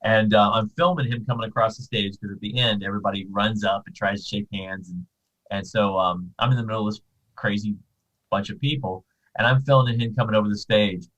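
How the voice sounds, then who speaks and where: A man chatting casually as a convention guest, telling animated anecdotes with frequent restarts. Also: fairly low pitch, fairly quick, dull audio. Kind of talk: casual storytelling chat.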